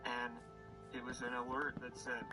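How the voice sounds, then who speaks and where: A man telling a rambling, absurd comic story in a deadpan way, jumping into sudden voices. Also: medium pitch, moderate pace, music in the background, poor audio. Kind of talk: comedic storytelling.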